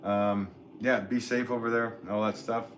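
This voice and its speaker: Low-voiced American man chatting on a livestream. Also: moderate pace, slight background noise, rough recording. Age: 40s. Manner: rambling, relaxed, filler-heavy talk with laughs. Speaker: potter streaming live. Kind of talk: casual livestream chat reading comments.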